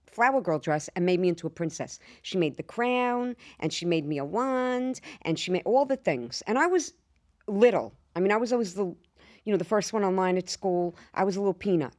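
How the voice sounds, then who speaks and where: A woman, co-hosting a podcast and telling a brash, animated story with a lot of swearing. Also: on the low side, fairly quick. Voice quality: slight lisp. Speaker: podcast co-host. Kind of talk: casual storytelling chat.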